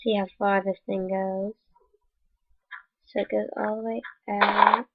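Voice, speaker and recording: A woman's voice: medium pitch, level tone, slow pace. A woman casually narrating a game building tutorial in voice-over, rambling and correcting herself as she goes, with the hiccups. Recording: dull lo-fi mic.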